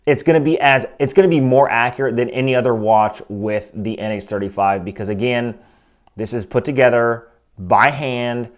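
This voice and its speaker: Opinionated man reviewing a watch. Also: medium pitch. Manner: opinionated, conversational, frequent asides. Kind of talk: casual product review. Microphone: desk microphone.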